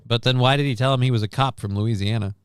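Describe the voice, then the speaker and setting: A man's voice: mid-range voice, steady tone, fast talker, clean tone, no room sound, studio quality. A man hosting a livestream news show in casual chat, rambling, sarcastic and profane.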